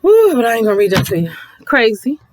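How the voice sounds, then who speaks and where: A woman's voice: fairly high pitch, big pitch swings, fast talker, a little mellow, a little hiss or hum. A woman YouTube commentator ranting bluntly to her viewers, swearing freely and talking to them directly. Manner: blunt, profane, sassy, addresses viewers directly.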